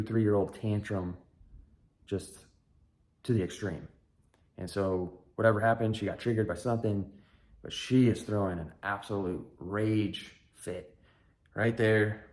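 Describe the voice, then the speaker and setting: A man in his thirties with a somewhat low voice recounts a story in a loose, candid monologue. He rambles and restarts now and then, and adds a dry, self-mocking humor. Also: a little mellow. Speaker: podcast host, father.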